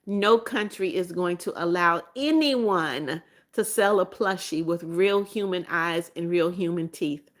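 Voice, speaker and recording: A woman's voice: lowish voice, a little slow. A woman who used to teach, hosting a casual live stream where she reads viewer comments aloud and answers them with repeated greetings and frequent restarts.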